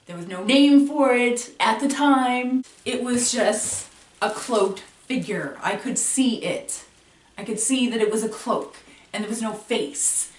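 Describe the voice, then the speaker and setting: A woman vlogger telling a spooky story to camera at home, animated, with dramatic pauses and laughs between lines. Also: a little high. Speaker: paranormal vlogger. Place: room at home. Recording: roomy room, from a distance.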